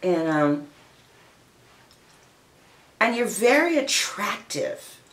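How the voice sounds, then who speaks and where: A woman tarot reader chats to her viewers in a playful, teasing way and laughs often. Her voice swings widely in pitch while she keeps an unhurried pace. She sounds like she is in a bare, echoey room. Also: sing-song, a bit bright. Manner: addresses listeners as honey and darling. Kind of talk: casual tarot reading chat.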